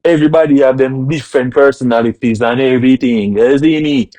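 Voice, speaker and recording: A man's voice: medium pitch, fairly quick, warm tone. A man from Jamaica in a casual rant, speaking Jamaican Patois in a laid-back way and often checking in with the listener. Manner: laid-back, keeps asking "you see me".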